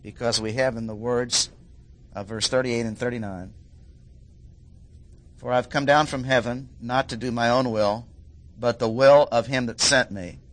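A man preaching an expository sermon, repeating key phrases for emphasis and often clearing his throat. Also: medium pitch, steady tone, a little slow, long pauses.

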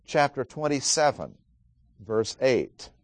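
Man, Bible study teacher: methodical, emphatic reader of scripture, occasional "uh" fillers, mid-pitched, dry close recording. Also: sing-song, takes it slowly, no room sound. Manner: methodical, emphatic, reads scripture aloud with stress on key words; frequent "uh" fillers.

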